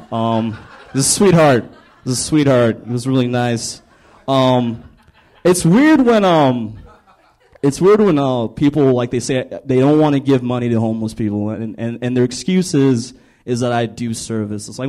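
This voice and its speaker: A man's voice: mid-range voice, moderate pace, a little mellow, poor audio. A young man doing a stand-up set in a small comedy club, rambling with lots of fillers and slipping into mocking voices for his characters. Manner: rambling, filler-heavy delivery with mock-voiced quotes.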